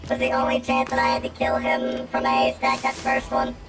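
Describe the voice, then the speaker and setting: A woman's voice: high-pitched, huge pitch swings, a little fast. A woman streaming a video game, chatting casually and swearing playfully at what happens on screen. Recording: echoey room, distant mic, game music behind.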